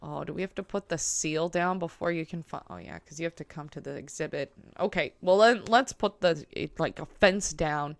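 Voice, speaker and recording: A woman's voice: sits low, moderate pace, creaky, few pauses, dry recording. A woman streaming a zoo-building game, chatting casually to herself and her animals with lots of fillers. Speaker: gameplay streamer. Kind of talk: casual gaming commentary.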